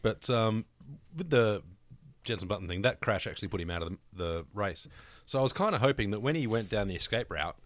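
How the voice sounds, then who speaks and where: A man co-hosting a casual sports chat, crude and jokey, rambling with many pauses. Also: on the low side, animated, no echo. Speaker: podcast co-host.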